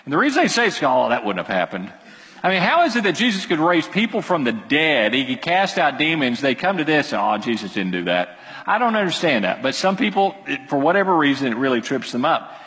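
A man delivers a sermon with animated, emphatic energy, his voice swinging widely in pitch and sitting a little high. He tosses in quick asides as he preaches. The sound carries a long hall reverb. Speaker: pastor.

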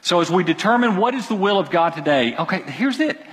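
A man's voice: high-pitched, animated, a little fast. A man preaching a sermon in a church, talking conversationally, quizzing the congregation and repeating his phrases. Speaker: pastor. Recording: long hall reverb.

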